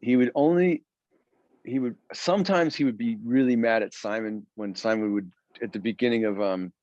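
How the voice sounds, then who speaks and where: A male guest guitarist on a video call, telling studio stories in a rambling, animated way. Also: medium pitch, normal speed, no echo. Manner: rambling, animated storyteller who acts out quotes. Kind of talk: casual storytelling in an interview. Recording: dry, dull lo-fi call audio.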